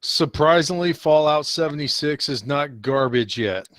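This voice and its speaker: A man co-hosting a casual podcast with a slightly high voice, tossing off wry, joking asides. The sound is dry and close, with no room echo. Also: expressive, measured pace, a bit bright. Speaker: podcast co-host.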